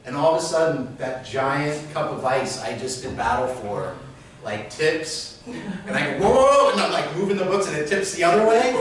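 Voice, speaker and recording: Animated man telling a story in a big echoey room. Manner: animated, acts out voices in quotes. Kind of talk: live comic storytelling. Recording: very echoey room, mic at a distance, rumbling noise.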